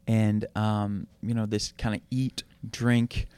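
Earnest young man, smooth dry voice. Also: lowish voice, slow, no room sound. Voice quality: relaxed, filler-heavy, earnest. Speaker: guest. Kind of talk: casual faith chat with storytelling.

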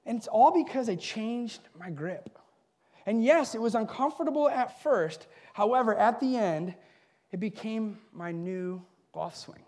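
Animated male pastor preaching. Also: a little slow. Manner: animated, swinging between raised emphatic bursts and soft low passages; chuckles at his own asides. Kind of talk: sermon.

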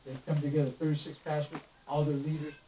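A fast-talking middle-aged man with a fairly high pitch, a traveling minister, tells animated sermon stories and voices the dialogue himself. Heard in a church sanctuary, the audio is distant and roomy, muffled under noise.

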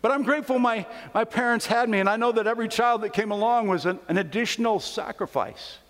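A man in his fifties delivers a sermon in a conversational, storytelling manner. His voice sits notably high for a man. The church sanctuary lends a long, trailing reverb. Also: fast, fairly bright tone. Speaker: preacher.

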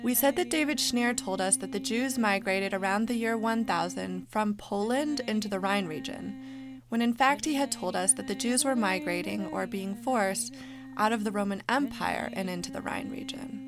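A woman's voice: medium pitch, moderate pace, music in the background. A woman co-hosting a podcast, narrating a documentary story in a descriptive, storytelling way. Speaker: podcast co-host.

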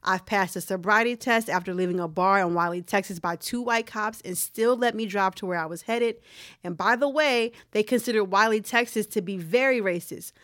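A woman's voice: mid-range voice, normal speed, fairly bright tone, dry recording, clean studio sound. A woman co-hosting a casual chat, conversational and wry, at times reading a post aloud. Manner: conversational, frequent agreeing murmurs, wry.

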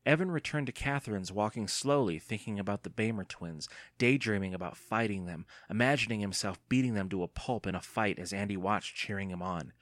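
A man narrating an audiobook in an expressive storytelling manner. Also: on the low side, fairly quick, hardly any pauses, no room sound.

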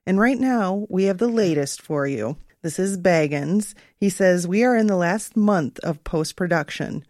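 A woman's voice: lowish voice, lively intonation, unhurried, a little mellow, no room sound, clean studio sound. A woman co-hosting a casual chat, reading news aloud in a plain, matter-of-fact way with some teasing. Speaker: podcast co-host.

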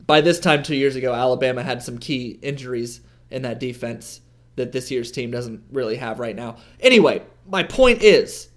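A man co-hosting a sports podcast in casual, rambling chat. His voice sits a little high, and he argues his points with animated insistence. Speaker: podcast co-host.

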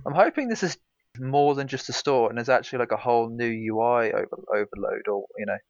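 A man's voice: medium pitch, fast, dry recording. A man co-hosting a podcast, talking in a laid-back, rambling way. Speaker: podcast co-host. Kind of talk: casual chat. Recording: dry, dull lo-fi sound.

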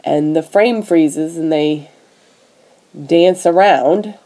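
A woman's voice: low-pitched, slow, low-quality recording. A woman hosting a podcast, retelling a film plot in casual chat and acting out the characters' lines. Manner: animated storytelling, acting out dialogue. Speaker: podcast host recapping a film.

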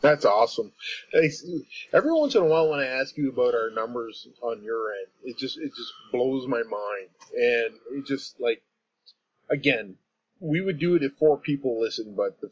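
A Canadian man with a Canadian accent talks through a casual podcast chat, rambling and restarting his thoughts. His voice sits at a middle pitch, and the recording sounds dull and lo-fi. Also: lively intonation, moderate pace. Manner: rambling, self-interrupting, laughs often. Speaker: podcast host and guest.

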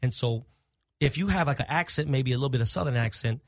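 Brief: middle-aged male guest, rapid and lively, swears freely, dry close-mic sound. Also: medium pitch, dry recording. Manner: animated, profane, acts out quoted dialogue. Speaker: podcast guest. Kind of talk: casual storytelling.

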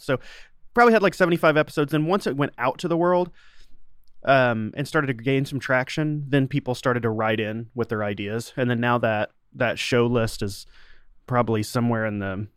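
A man's voice: mid-range voice, dry recording, clean studio sound. A middle-aged man talking casually as an interview guest, rambling with many restarts and fillers. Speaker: podcast host and sound designer, interview guest.

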